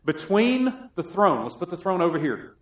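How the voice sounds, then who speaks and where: A man from South Carolina preaching a sermon, joking and swinging between loud and soft. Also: sits high, very animated, moderate pace. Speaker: pastor. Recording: echoey room.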